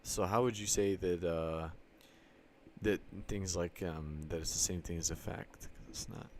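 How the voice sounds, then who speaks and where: A man's voice: low voice, steady tone, measured pace, a little mellow, slight background noise. A man from Sicily talking casually in an online chat, circling through a rambling argument and swearing freely as he acts out both sides of an imagined exchange.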